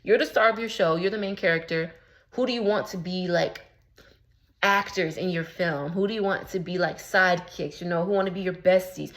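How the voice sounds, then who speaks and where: Woman, spiritual coach, casual vlog talk, slangy, rambling, filler words, self-amused, slightly low pitch. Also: a little fast, a bit bright. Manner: self-amused, laughs at her own jokes. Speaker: spiritual coach and womb healer.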